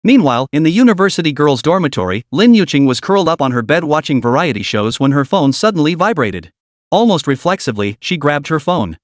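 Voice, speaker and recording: Man, higher voice, scripted story narration, same even voice for every character, dry close recording. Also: brisk, no room sound. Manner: reads all characters' lines in one even narrating voice.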